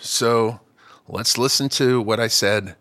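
A man, a comedian, telling a story in casual chat, animated and swinging between loud outbursts and low mutters. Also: slow pace, dry recording.

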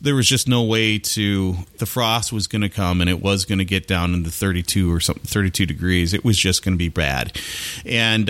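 A man's voice: lowish voice, sharp tone, no room sound. A man hosting a podcast, talking casually and chattily about gardening, rambling with fillers. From Minnesota. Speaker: podcast host.

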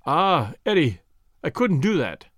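A man's voice: on the high side, big pitch swings, a little slow, a bit bright, no echo, clean studio sound, exaggerated voice. A man voicing an ardent, secretive young man, speaking earnestly and coaxingly in an audiobook.

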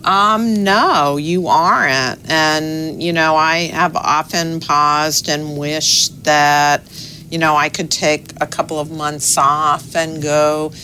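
A middle-aged woman who serves as a newspaper's executive editor answers interview questions in a measured, thoughtful manner, with pauses and fillers. Her voice is deep, with a steady yet sharp tone, and there's a slight hiss or hum in the recording.

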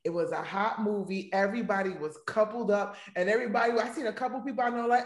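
A woman's voice: mid-range voice, quick pace, hardly any pauses, roomy sound. A woman who is a guest on a podcast, chatting casually with a playful, joking, slangy manner. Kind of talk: casual chat.

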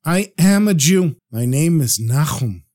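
A man's voice: a little high, animated, measured pace, darkish tone, voice pushed down. A man voicing a middle-aged Jewish thief who pleads for help to change his ways, in a heartfelt, confessional manner. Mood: pleading.

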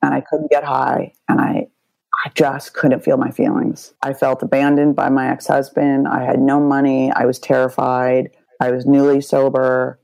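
A woman's voice: rumbling low, monotone, normal speed, creaky, darkish tone, no room sound, rough recording. A middle-aged woman from the United States, speaking candidly as a memoir author in an interview, blunt and self-mocking, swearing freely.

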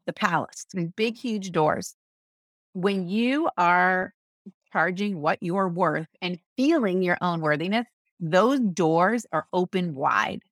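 A woman business coach talking as a podcast guest, animated, acting out quick voices and often asking "right?". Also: fairly low pitch, no echo, clean studio sound. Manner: animated, acts out voices, asks rhetorical "right?". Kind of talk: podcast interview.

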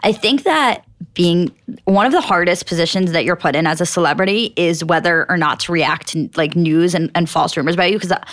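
A woman's voice: on the low side, fairly quick. A young adult woman co-hosting a podcast, chatting casually and giving opinions at length. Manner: opinionated, explaining. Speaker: podcast co-host. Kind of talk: casual recap chat.

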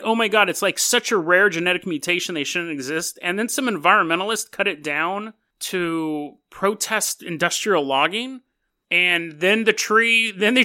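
A man hosting a casual storytelling podcast, joking and laughing often as he talks. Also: sits high. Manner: laughs often, jokey and animated. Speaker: podcast host.

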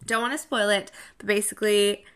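A young woman from Mexico hosting a podcast, talking in a chatty, animated, self-deprecating way. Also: mid-range voice, brisk, clear, resonant tone. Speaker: podcast host. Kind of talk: casual monologue.

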